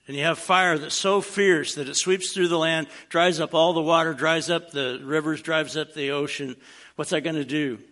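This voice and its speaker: In a conversational sermon, a man preaches in a relaxed, plainspoken way, dropping in dry, wry jokes along the way. His voice is fairly high, gravelly, and bright.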